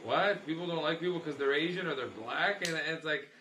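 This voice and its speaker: A middle-aged man from Canada, a comedian hosting a casual podcast, telling loud swearing stories with put-on voices. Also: on the high side, brisk, roomy sound, a little hiss or hum.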